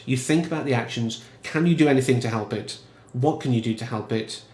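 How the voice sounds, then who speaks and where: A man giving casual, emphatic film commentary in a chatty, animated way. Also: medium pitch, reverberant. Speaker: film reviewer.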